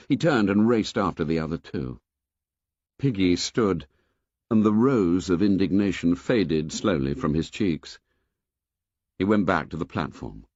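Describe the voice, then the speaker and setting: A man narrating an audiobook in a lively, expressive storytelling manner. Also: deep voice, a little slow, husky, dry recording, highs cut off. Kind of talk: scripted narration.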